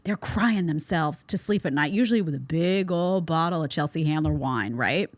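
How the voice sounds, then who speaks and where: A woman in her thirties hosts a commentary show, talking bluntly and sarcastically. Her voice sits a little low for a woman. The sound is close and dry, with no room around it. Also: normal speed, dry recording. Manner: blunt, sarcastic, mocking put-on voices in quotes. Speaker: show host. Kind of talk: opinionated commentary monologue.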